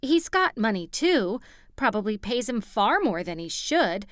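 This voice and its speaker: A woman's voice: on the high side, unhurried, dry recording, studio quality. A woman narrator voicing an anxious, talkative young woman friend in an audiobook. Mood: excited. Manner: talks endlessly, excitable. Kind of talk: audiobook character voice.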